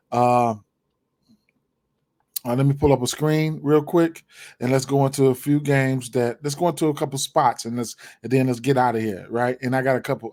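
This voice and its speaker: A man's voice: medium pitch, darkish tone. A man giving his sports betting picks in casual, rambling talk, full of fillers and repeated words. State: hiccups, clearing throat.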